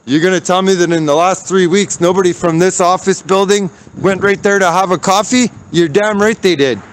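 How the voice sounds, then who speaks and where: A man with a high voice that barely moves in pitch livestreams while walking downtown, talking fairly quickly. He rants furiously and swears, with slight background noise behind him.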